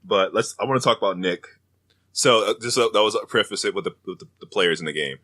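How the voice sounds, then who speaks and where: Bright-voiced man swearing through movie recaps. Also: on the low side, fast talker. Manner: profane, animated retelling of scenes. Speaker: podcast co-host. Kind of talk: casual podcast chat.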